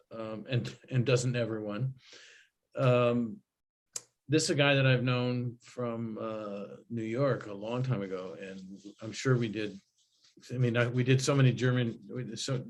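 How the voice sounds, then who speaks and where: A man hosting an open mic comedy show, chatty and quick to laugh. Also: mid-range voice, steady tone. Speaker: host.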